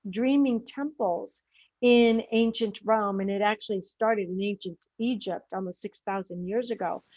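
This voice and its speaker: A woman hosting a dream-themed radio interview, explaining history in a measured way. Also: medium pitch, a little mellow, dry recording, lo-fi sound. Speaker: host.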